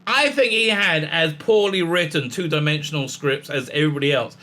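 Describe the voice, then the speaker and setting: A man talks through a rambling, sarcastic commentary, reading bits of articles aloud and stopping often on fillers and restarts. His voice is fairly high and bright, with a sharp, forceful edge. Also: a little fast. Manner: sarcastic, mocking, often puts on silly gushing voices; many fillers and restarts, reads out article passages. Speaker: commentary channel host. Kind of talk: casual ranting commentary.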